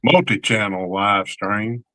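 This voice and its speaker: A man from Georgia with a Southern accent, co-hosting a casual livestream and greeting viewers by name in a slow drawl. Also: fairly low pitch, fairly even intonation, sharp tone, dry recording. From Georgia, USA. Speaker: co-host of a relics livestream. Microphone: desk mic, typing nearby.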